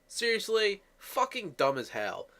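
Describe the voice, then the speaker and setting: A man's voice: high voice, wildly swooping pitch, measured pace, pushed and bright. A man giving a profane, mocking comedic movie rant as a reviewer.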